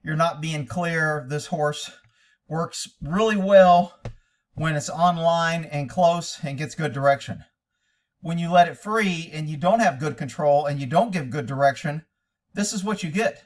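Blunt, lecturing man with a high voice. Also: a little slow, recorded from a distance. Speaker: horse trainer. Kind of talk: video critique commentary.

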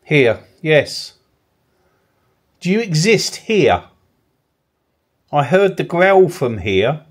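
Male ghost-hunt host, animated delivery, uneasy coaxing questions, old mill cellar. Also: fairly high pitch, extremely slow, pauses often, breathy edge. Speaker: paranormal investigator host. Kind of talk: ghost-hunt vlog, calling out to spirits.

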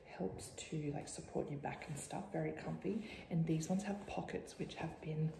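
A woman's voice: sits low, normal speed, creaky, dark tone, a little hiss or hum. A young woman, chatting casually to camera as a first-time mum vlogger at home, rambling and often dropping to a whisper. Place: home, indoors. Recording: echoey room, faint ambience.

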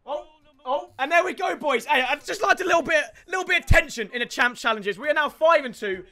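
A man giving excitable live commentary on his own gameplay, shouting and groaning at each play and talking to his viewers. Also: very high-pitched, a little fast. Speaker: gaming YouTuber.

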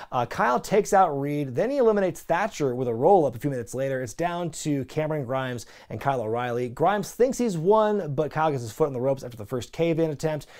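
A man's voice: fairly high pitch, a little mellow. A man casually recapping weekly wrestling shows, chatty and opinionated, with lots of fillers. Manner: chatty, frequent "like" and "you know" fillers; opinionated, asks viewers for predictions. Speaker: wrestling show reviewer.

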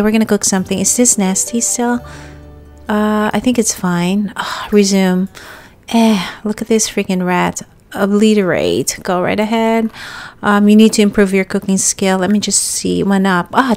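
A young woman giving casual let's-play commentary, chatting to her character and viewers and bursting into excited yelps. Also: medium pitch. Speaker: gaming YouTuber.

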